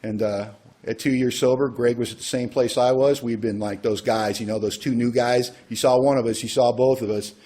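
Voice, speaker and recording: A man's voice: medium pitch, steady tone, fairly quick, mellow. A man speaking at a recovery workshop, telling a personal story in a conversational way and acting out the voices of people he quotes. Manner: conversational, acts out quoted dialogue.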